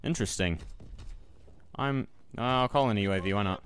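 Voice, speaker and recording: Low-voiced young man commentating gameplay. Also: fairly quick, a bit bright, clear, resonant tone, dry recording. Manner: casual, jokey, talks to himself and viewers, sudden yelps. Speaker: gaming YouTuber.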